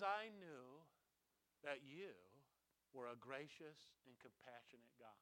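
A man preaching a sermon, asking his congregation questions, his voice rising loud and dropping low. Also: expressive, slow pace. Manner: swings from loud to hushed, asks the congregation. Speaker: pastor.

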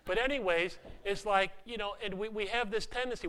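Pastor, male, high and bright voice, chatty self-deprecating delivery with frequent restarts, speaking to his congregation. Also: normal speed. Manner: conversational, self-deprecating preaching with many repeated starts. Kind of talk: sermon.

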